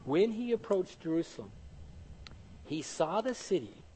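A male pastor preaching a sermon in an animated way, peppered with rhetorical questions. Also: sits high, a little slow, slight background noise, low-quality recording.

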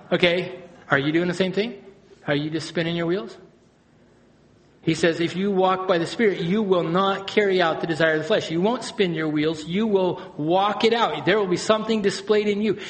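A man, the pastor, preaching a sermon, moving between hushed, low passages and loud, high-pitched emphasis. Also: normal speed.

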